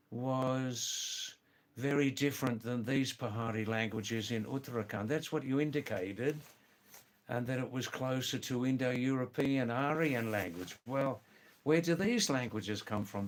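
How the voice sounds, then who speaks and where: Man, live-stream host, mid-pitched, seated, chatty with his viewers. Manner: greets viewers by name, repeats exclamations. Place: seated indoors.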